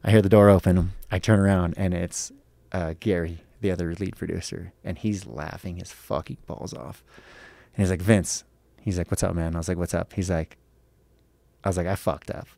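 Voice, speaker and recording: An American man, a guest and professional fighter, telling a profane, animated story in casual chat and acting out the people in it. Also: sits low, moderate pace, gravelly, no echo. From United States.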